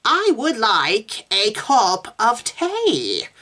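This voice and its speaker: A woman doing a brash young woman from Boston, pitched up high and blunt. The twang wobbles in and out as she reads a storybook aloud, jumping up and down in pitch. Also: huge pitch swings, normal speed, bright, forceful tone, exaggerated voice. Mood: reluctant. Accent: Boston attempt.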